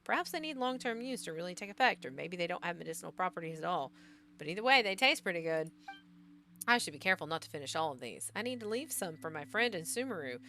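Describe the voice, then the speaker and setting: A woman voicing a forgetful, scholarly male adventurer, reading his lines in a measured, musing way. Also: on the low side, sharp tone, slight background noise, exaggerated voice.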